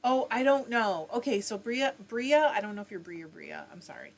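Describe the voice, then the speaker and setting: A woman's voice: medium pitch, expressive, a little fast, gravelly. A woman hosting a casual livestream, reading viewer comments aloud and answering them in a chatty way. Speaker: livestream host reading chat. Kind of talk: casual live chat. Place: home, fiber arts livestream.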